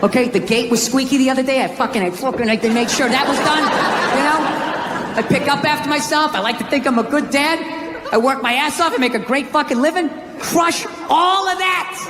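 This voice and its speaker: A man's voice: very high-pitched, a little fast, background noise. Ranting American man on a comedy stage. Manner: ranting, profane, sarcastic, bursts into shouts. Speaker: stand-up comedian. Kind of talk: stand-up comedy set. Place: live comedy venue stage. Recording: echoey hall with loud crowd laughter. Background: audience laughter.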